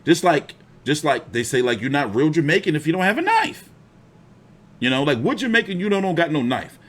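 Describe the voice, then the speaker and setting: A man's voice: on the high side, brisk. A young man hosting a boxing live stream, telling stories in casual, profane slang. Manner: profane, animated storytelling with slang.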